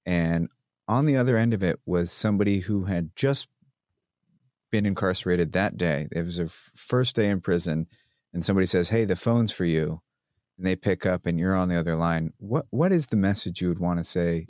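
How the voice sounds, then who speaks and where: A man's voice: low voice, lively intonation, a little mellow, no room sound, clean studio sound. A man hosting a podcast, asking questions politely and thoughtfully, with small restarts. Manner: polite, thoughtful, a little halting. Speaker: podcast host. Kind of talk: interview questions.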